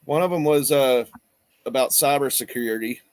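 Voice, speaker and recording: A man guesting on a stream, telling stories in a relaxed, plain-spoken way. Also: medium pitch, moderate pace, no echo. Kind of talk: casual chat.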